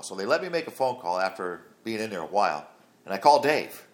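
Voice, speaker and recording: Man, middle-aged, deep low voice, casual rambling storytelling, lots of fillers. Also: very animated, fast. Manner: rambling, plain-spoken, many fillers. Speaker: father telling his life story.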